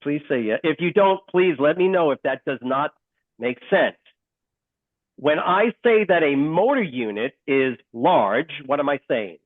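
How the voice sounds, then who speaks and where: A fairly high-pitched man teaching a class live over a video call, quizzing his students and repeating key ideas for emphasis. The sound is dry and thin, like a phone line. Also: a little slow, no echo. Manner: animated, asks the class questions, repeats key points. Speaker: instructor. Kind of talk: live online lecture.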